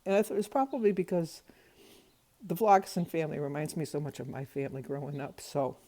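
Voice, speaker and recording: Chatty older woman vlogger, low mellow voice. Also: fast, dry recording. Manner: chatty, rambling storyteller. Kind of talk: casual vlog chat.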